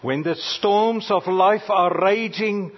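A man preaching a sermon, swinging dramatically from loud cries down to near-whispers, with halting pauses and fillers. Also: high voice. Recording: dull lo-fi recording.

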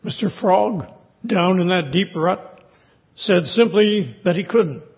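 A man preaching a sermon, reading scripture and telling stories in a measured way. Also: high voice. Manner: measured storytelling delivery. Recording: tinny phone-like sound.

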